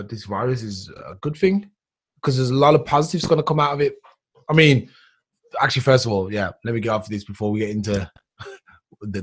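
A man chatting casually as a co-host, rambling through thoughts with many fillers and restarts. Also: medium pitch. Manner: rambling, lots of fillers and "dude". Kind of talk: casual chat.

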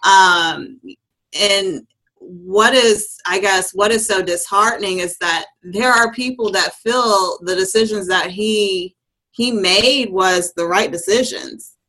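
A woman from Kentucky, speaking earnestly and in a measured way in a casual discussion. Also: mid-range voice, bright, forceful tone, poor audio. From Kentucky, USA. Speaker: guest. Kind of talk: casual chat.

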